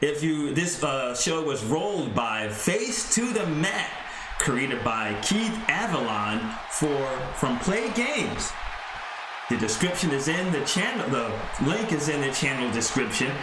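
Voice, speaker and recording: A man narrating a tabletop wrestling game play-by-play, excitable and chuckling along. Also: fairly high pitch, reverberant, noisy background.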